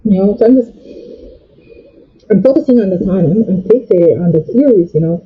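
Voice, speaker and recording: A young woman telling an emotional storytime vlog, agitated and swinging between loud outbursts and quieter asides. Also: medium pitch, animated, brisk, breathy edge, dull audio. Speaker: storytime vlogger.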